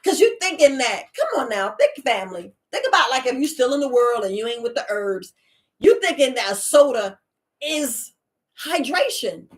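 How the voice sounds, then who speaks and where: A woman herbalist host, talking in a casual, animated monologue and acting out the voices she quotes. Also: high voice, normal speed. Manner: animated storyteller, acts out quoted voices, laughs often.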